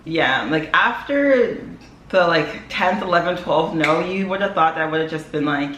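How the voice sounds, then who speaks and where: A woman's voice: on the low side, expressive, a little slow, fairly bright tone. A young woman talking to camera in a casual vlog, chatty and emotional, full of "like" fillers. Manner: chatty and emotional, frequent "like" fillers, laughs often. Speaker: vlogger. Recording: echoey room with faint ambient noise.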